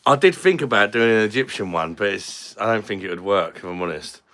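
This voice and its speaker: Guy chatting on his livestream, bright edgy tone, laid back, swears a bit. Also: fairly low pitch, lively intonation, fairly quick. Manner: chatty and jokey, swears casually. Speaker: live-stream host. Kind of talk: casual live-stream chat, reading comments.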